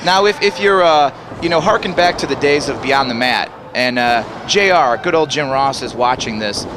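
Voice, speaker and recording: A man doing jokey, excitable comedic wrestling commentary, laughing often. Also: mid-range voice, moderate pace, noisy background.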